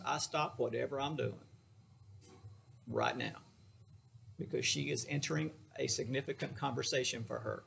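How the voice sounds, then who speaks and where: A man's voice: mid-range voice, very animated, normal speed, gravelly, a bit bright, a little hiss or hum. A middle-aged man, a therapist, giving a casual lecture in a folksy, joking way, speaking straight to his listeners.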